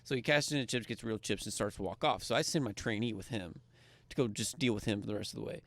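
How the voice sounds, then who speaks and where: A man with a Kentucky accent tells a story casually on a podcast. He acts out each person's lines and gets loud when the story heats up. The sound is dry and close. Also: fairly low pitch, fast talker, no echo. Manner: animated, acts out dialogue, grows loud when excited. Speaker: podcast co-host.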